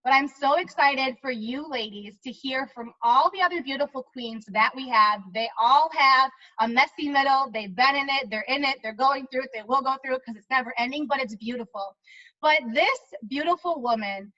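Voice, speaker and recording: A woman's voice: sits high, moderate pace, sharp tone, no room sound. A young woman hosting an online event, giving a heartfelt introduction and repeating key lines for emphasis. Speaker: event host. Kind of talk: emotional introduction. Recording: dull lo-fi audio.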